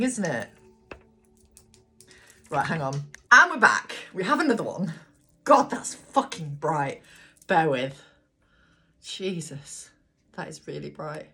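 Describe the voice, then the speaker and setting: Low-voiced woman doing a chatty tarot reading, lively up-and-down delivery, swears a lot, noisy room. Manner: chatty, blunt and sweary, talks to the cards. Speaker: tarot reader. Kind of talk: casual live tarot reading. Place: home room with a ring light.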